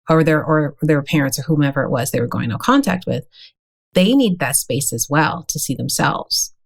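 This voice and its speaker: A woman's voice: sits low, vocal fry. A woman co-hosting a podcast, speaking in a reflective, encouraging way. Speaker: podcast co-host. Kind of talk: casual podcast chat.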